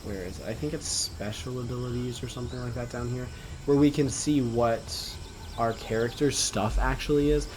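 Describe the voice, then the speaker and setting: A man's voice: mid-range voice, fairly even intonation, normal speed, a little mellow, slight background noise. A man hosting a let's play, casually explaining game rules and thinking aloud as he goes. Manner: easygoing, thinks aloud with ums.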